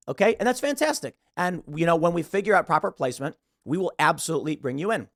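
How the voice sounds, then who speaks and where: A man's voice: sits high, brisk, hardly any pauses, no echo, studio quality. A man hosting a political talk show, giving casual, opinionated commentary and sometimes mimicking others. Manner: animated, opinionated, mimics others mid-rant. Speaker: podcast host.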